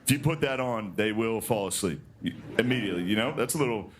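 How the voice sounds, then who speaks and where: A man doing a stand-up monologue on a TV studio stage, telling deadpan, self-deprecating stories to a live audience. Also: fairly low pitch, fast talker. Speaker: stand-up comedian. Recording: broadcast audio with audience noise.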